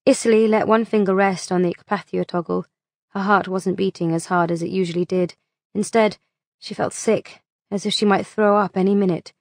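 A woman narrating an audiobook in a measured, unhurried reading voice on a close mic. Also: medium pitch, steady tone, darkish tone, dry recording.

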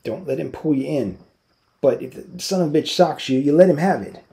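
An anxious, protective ranch hand who presses his warnings fast and urgently, voiced by a man reading a novel aloud. The voice is gravelly and dark. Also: on the high side, expressive.

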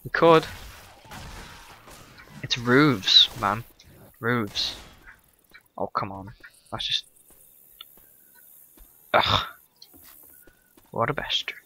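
Man, let's play host: gravelly, sharp-edged, slow and sardonic. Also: on the low side, expressive. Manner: sarcastic, exclaiming at the game. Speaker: gaming video host.

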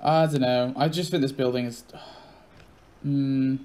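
A young man hosting a gaming channel, giving casual, opinionated commentary with quick reactions. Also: mid-range voice, fairly even intonation, mellow.

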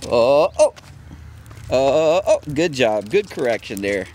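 A man's voice: big pitch swings, slow pace, a little mellow, a little hiss or hum. Man in sing-song pet talk, wildly swooping. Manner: coaxing, praising, hums "do do do" in a high sing-song. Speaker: dog owner filming a walk. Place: outdoors on a street.

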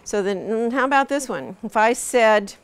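A woman's voice: fairly high pitch, expressive, normal speed, smooth. A middle-aged woman teaching pronunciation to a class, patiently demonstrating sounds and repeating them. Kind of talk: classroom instruction. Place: classroom with students.

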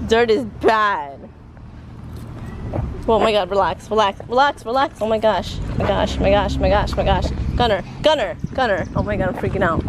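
A woman vlogging her family life in an animated, excitable way, switching between English and Spanish. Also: mid-range voice, moderate pace, noisy background. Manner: animated, excitable, bursts into yelps and laughs. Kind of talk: casual family vlog chat.

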